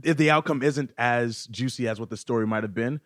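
A man's voice: mid-range voice, fairly quick, dry recording, studio quality. A man talking as a podcast guest in casual chat, easygoing and chuckling, rambling with fillers as he tells stories.

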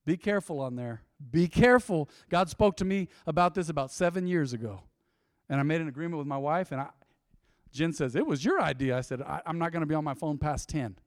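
A man preaching a sermon, swinging between loud swells and quiet, intimate drops. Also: fairly high pitch, expressive, a little fast, no room sound, clean studio sound. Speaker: pastor. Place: church.

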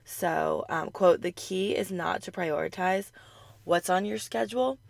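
Brief: young woman vlog host, hoarse sore-throat rasp, gravelly fry, upbeat chatty delivery, dry close sound. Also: on the low side, unhurried, no echo. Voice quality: raspy. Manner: upbeat, chatty, frequent "like" and "um" fillers. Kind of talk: casual advice talk.

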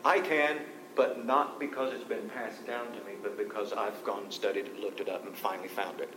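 A man with a steady tone moves briskly through a Bible study, reading scripture aloud to the group and explaining it in a conversational way. It was recorded in an echoey room with a faint low rumble.

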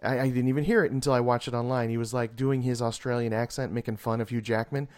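A man's voice: mid-range voice, fairly even intonation, fast, a little mellow. A talkative man with a middle-range voice chats about a film he just saw. He rambles with many restarts and breaks into laughter often. It sounds like easygoing talk between friends. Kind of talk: casual movie chat.

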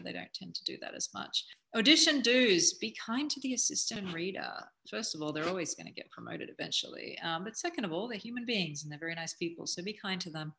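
A woman's voice: lowish voice, sharp tone. A woman giving casual, frank advice as an acting coach, chatty and often restarting her sentences.

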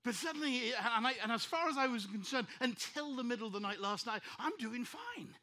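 Middle-aged man, pastor, storytelling sermon; high, ringing voice, animated, plays out dialogue. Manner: animated, acts out rapid-fire dialogue.

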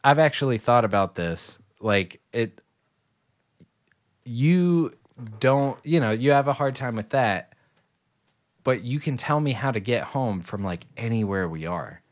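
A man chatting casually and spinning out a long, rambling anecdote, full of swearing and bursts of laughter. His voice sits at an ordinary middle pitch. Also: animated, measured pace, pauses often. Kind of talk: casual chat.

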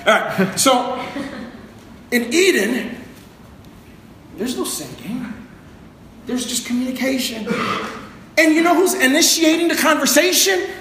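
A man's voice: very high voice, big pitch swings, measured pace, pauses often, a bit bright. A man preaching a sermon in a conversational, joking way, asking the congregation to repeat words. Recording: very echoey room with faint noise.

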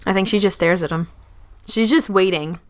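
A woman's voice: mid-range voice, normal speed. A woman playing in a tabletop game, briefly and dryly describing what her character does. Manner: brief, dry statements of her character's actions. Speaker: player.

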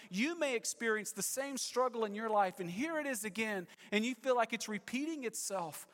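A male pastor preaching a sermon to his church, dramatic, swinging between loud emphasis and hushed, low passages. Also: big-room sound. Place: church sanctuary.

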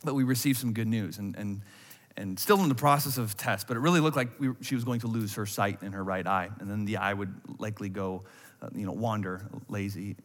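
A man in his thirties preaching a sermon as a pastor, animated, swinging from loud acted-out worry to a hushed voice. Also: lowish voice, a little fast. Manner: animated, acts out anxious voices, drops to a hush. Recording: long hall reverb.

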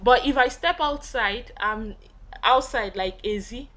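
A woman with an Igbo accent guides a language lesson in a slightly high voice. She explains patiently, stopping and restarting her sentences with little fillers as she thinks. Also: measured pace, fairly bright tone. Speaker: guest teacher.

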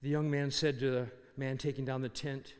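A man's voice: mid-range voice, little pitch movement, normal speed, a little mellow, clean tone. A middle-aged man preaching a sermon, emphatic and fond of rhetorical questions. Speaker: pastor. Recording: long hall reverb.

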